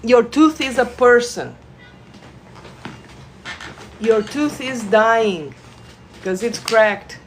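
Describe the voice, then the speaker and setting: A woman leading a live energy-healing session, guiding listeners with gentle instructions and sudden bursts of excited laughter. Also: fairly high pitch, drawn-out words, long pauses, a little hiss or hum. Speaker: reiki practitioner. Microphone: phone livestream.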